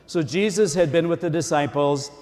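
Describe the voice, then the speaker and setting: A man's voice: fairly high pitch, moderate pace, a little mellow. A man preaching a sermon as a priest, in a folksy, conversational way. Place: church. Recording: long church reverb.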